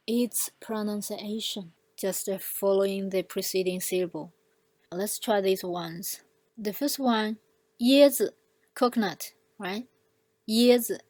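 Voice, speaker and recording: A woman's voice: medium pitch, darkish tone, no room sound. A woman teaching an online language lesson, patiently repeating example words for learners to copy.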